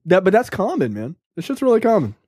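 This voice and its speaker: A man's voice: high voice, fast talker, breathy edge, no echo, studio quality. A man co-hosting a movie podcast, talking in a loose, profane, joking way and laughing as he tells things. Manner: animated, profane, laughs while telling. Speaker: podcast co-host. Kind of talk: casual movie-review chat.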